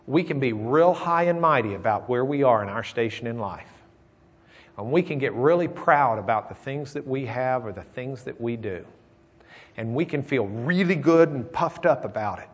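A man delivering a sermon in a relaxed, folksy manner. He tells a joke and then shifts between rising emphasis and hushed, close reflection. His voice sits in a middle pitch. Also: moderate pace. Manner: folksy, tells jokes, swings from loud emphasis to quiet. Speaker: preacher.

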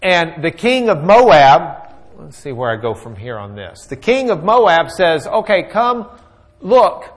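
A man's voice: a little high, very animated, unhurried. A man teaching a Bible lesson in a folksy, joking storytelling way, with plenty of fillers.

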